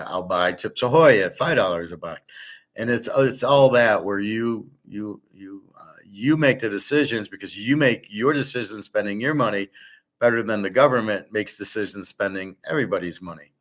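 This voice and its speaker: A man's voice: on the low side, a bit bright. A man hosting a casual commentary show, talking bluntly in a ranting way and swearing freely. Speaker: host.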